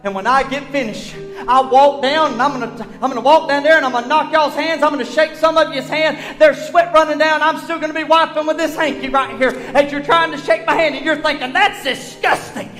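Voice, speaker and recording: High-voiced preacher in a reverberant hall. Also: male voice, steady tone, brisk. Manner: preaching with surges from shouts to hushed tones. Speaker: pastor. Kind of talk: sermon. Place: church sanctuary. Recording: long hall reverb with faint music.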